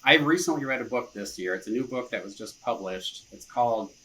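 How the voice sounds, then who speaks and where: A man with a bright, forward voice talks in a relaxed, conversational way. He chuckles easily and fills his thoughts with casual asides. There is a faint hiss of noise under him. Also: medium pitch, fairly quick, poor audio. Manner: easygoing, chuckles often, leans on "you know". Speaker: marketing director, podcast guest. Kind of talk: casual interview chat.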